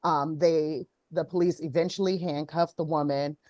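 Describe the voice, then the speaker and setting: A woman's voice: low voice, steady tone, moderate pace, darkish tone, no echo, studio quality. A woman hosting a casual talk show, retelling a viral video with many ums. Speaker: host. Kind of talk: casual chat.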